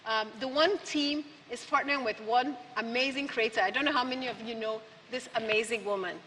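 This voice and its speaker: A woman's voice: a little high, brisk, sharp tone, slight background noise. A woman giving a public speech, emphatic and asking the audience rhetorical questions. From Nigeria. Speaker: keynote speaker. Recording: long hall reverb from a venue.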